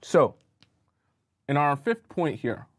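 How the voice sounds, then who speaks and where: A man's voice: on the high side, sing-song, slow pace, a bit bright, a little hiss or hum. A man giving dating advice as a coach in a live-streamed lesson, talking straight to his chat and repeating himself as he works through his points. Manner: talks to chat directly, repeats himself when drawing.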